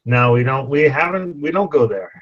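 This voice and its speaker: A man's voice: medium pitch, expressive, normal speed, highs cut off, a little hiss or hum. An American man co-hosting a podcast, giving brief and hesitant replies in casual chat. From United States. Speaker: podcast co-host.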